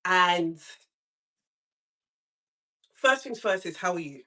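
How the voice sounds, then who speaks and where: Animated woman hosting a live stream. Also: slow. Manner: animated storytelling, acts out quotes with big pitch jumps. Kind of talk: casual live-stream chat.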